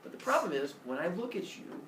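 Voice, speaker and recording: A male teacher voicing a goofy, excitable young king of the gods in a casual, exasperated way. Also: high-pitched, fast, noisy background. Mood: bargaining. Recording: roomy echo, mic far off.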